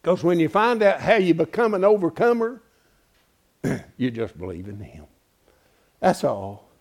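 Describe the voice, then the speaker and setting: Man preaching a sermon, gravelly, with a swooping delivery, folksy and animated. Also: a little high, measured pace. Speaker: pastor.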